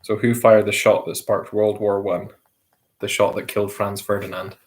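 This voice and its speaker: A man with a slightly low voice hosts a casual quiz among friends. He reads each question at an easy pace and repeats it, with the odd light chuckle. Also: little pitch movement, normal speed. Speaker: quiz host.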